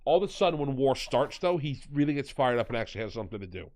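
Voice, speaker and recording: A man's voice: medium pitch, sing-song, racing, a little mellow, no room sound. A man hosting a podcast, recapping and mocking a fantasy series in casual, rambling, sarcastic chat. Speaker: podcast host.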